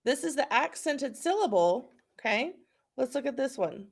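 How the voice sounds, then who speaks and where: A woman's voice: high-pitched, lively intonation, moderate pace, gravelly, breathy edge. A woman with an Oklahoma accent teaching a phonics lesson, patiently repeating words for students to practice.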